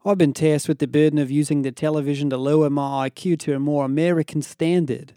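A man voicing an excitable teenage boy from New Zealand with a New Zealand accent, bantering cheekily in an audio fiction reading. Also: on the high side, quick pace, no echo, clean studio sound, natural voice. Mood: cheeky banter.

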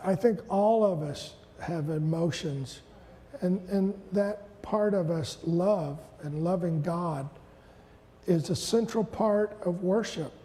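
An older man preaching a sermon, rising to shouted peaks and dropping into playful asides. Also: sits high, slow, in a large hall, slight background noise. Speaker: pastor. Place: church sanctuary.

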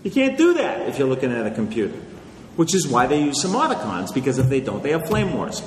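A man's voice: medium pitch, wildly swooping pitch, fast talker. A male author answering audience questions in a conversational, lecturing way, often checking in with "okay?". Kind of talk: live Q&A talk. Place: large hall with audience. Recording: echoey hall, faint noise.

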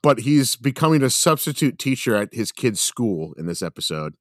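A man's voice: mid-range voice, very animated, moderate pace, no echo, studio quality. Rambling, swearing man telling a story. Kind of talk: casual chat.

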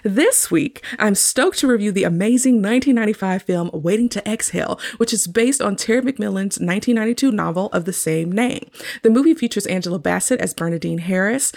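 A woman's voice: mid-range voice, gravelly, darkish tone. A woman hosting a film review podcast, peppy and enthusiastic with casual slang. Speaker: podcast host. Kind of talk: upbeat podcast intro and chat.

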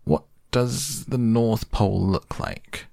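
A man's voice: fairly low pitch, animated, takes it slowly, gravelly, a little mellow, no room sound, clean studio sound, voice pushed up, heavily acted. A man voicing a small curious boy who speaks earnestly and a little hesitantly, in a raised voice.

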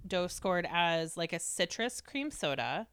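A woman's voice: fairly low pitch, very animated, unhurried, a bit bright, smooth, no room sound. A woman in her forties chatting casually on a podcast, full of "like" fillers. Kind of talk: casual chat.

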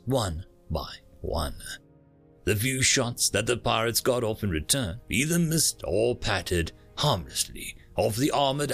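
Male narrator, gravelly voice, animated pitch, dramatic, faint music behind. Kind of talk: dramatic first-person story narration.

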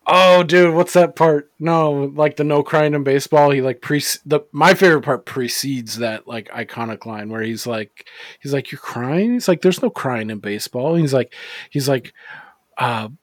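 A man's voice: on the high side, normal speed, no echo. A man co-hosting a casual movie podcast, rambling with lots of fillers and swearing freely. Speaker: podcast co-host.

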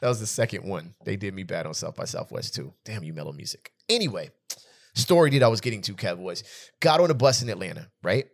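A man's voice: fairly low pitch, fast. A man, around his thirties, telling funny travel stories in a casual podcast chat, often laughing. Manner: animated, laughing storyteller. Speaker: podcast co-host.

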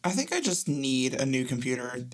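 A young man co-hosts a podcast, teasing his friend with quick, animated banter. His voice moves expressively through a wide pitch range. It is loose, friendly conversation. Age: 20s. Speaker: podcast co-host, voice actor. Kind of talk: casual chat.

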